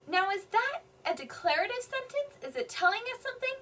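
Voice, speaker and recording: A high, bright woman's voice with a lively, sing-song rise and fall, teaching young children to read. She sounds out words slowly and with exaggeration, staying patient and encouraging, and her voice comes from a little way off the mic. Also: far from the mic. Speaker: kindergarten teacher. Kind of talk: phonics and reading lesson for young children.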